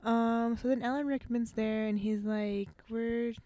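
Young-ish woman talking movies, giggly, lots of um and like, voice a bit high. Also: fairly even intonation, normal speed, warm tone, a little hiss or hum. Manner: giggly, rambling, many fillers. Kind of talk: casual chat about movies.

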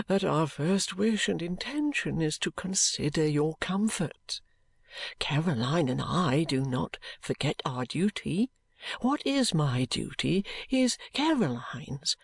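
Meek young son, soft pleading tone, slow and hesitant, dry close sound; a reader plays him. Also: mid-range voice, creaky, breathy edge, no echo, heavily acted. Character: meek young man, dutiful submissive son. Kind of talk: audiobook character reading.

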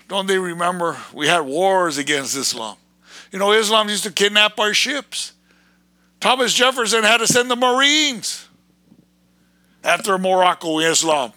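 A man ranting in a fiery, erratic preaching monologue, breaking into sudden shouted bursts. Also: high voice, dry recording.

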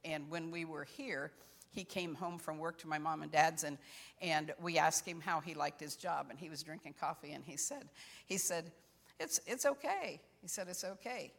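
A woman's voice: low voice, fairly even intonation, normal speed, fairly bright tone. Older woman preaching in a reverberant sanctuary. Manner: earnest, personal storytelling with encouragement. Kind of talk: sermon. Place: church sanctuary.

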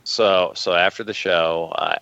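A man with a very low voice tells anecdotes in a playful, mock-grand way. His tone carries a bright, forceful edge, and the recording is dry and close. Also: fairly even intonation, measured pace, smooth, no echo, highs cut off. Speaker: podcast co-host. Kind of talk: casual chat, storytelling.

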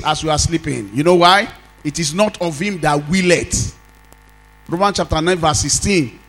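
A man's voice: sits high, low-quality recording. A Nigerian man preaching a sermon as pastor, leading call-and-response and drawing out sung phrases.

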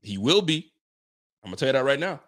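On a casual football live-stream, a male host reads comments from viewers, cussing, cracking up and getting fired up as he talks quickly in slang. His voice is mid-range.

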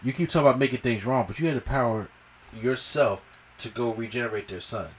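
A man's voice: medium pitch, fast talker, far from the mic, a little hiss or hum. A man on a podcast casually recapping a film and acting out the characters' lines. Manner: animated retelling, acts out the characters' lines. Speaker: podcast host. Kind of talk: casual movie review chat.

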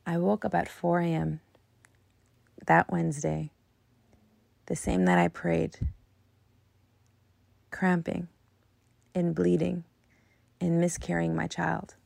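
Husky woman telling a painful story. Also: on the low side, little pitch movement, slow, pauses often, no echo. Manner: emotional, confessional, drifts into soft whispers. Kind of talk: personal storytelling.

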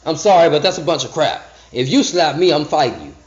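A man with a fairly high voice teaches scripture in a loose, conversational way. He slows right down for each verse, then jumps back into restarts and asides. The recording is dull and echoey, as if made in a bare room. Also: expressive. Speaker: podcast Bible teacher.

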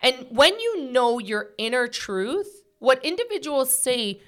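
A woman's voice: high-pitched, sing-song, unhurried. A woman hosting a podcast, talking earnestly in a casual heart-to-heart chat, full of "like" and "right?" fillers. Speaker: podcast host.

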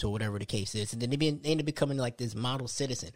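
A man's voice: medium pitch, rapid-fire, hardly any pauses, no echo, clean studio sound. A young man hosting a solo podcast, talking casually and conversationally, often restarting his sentences. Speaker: podcast host.

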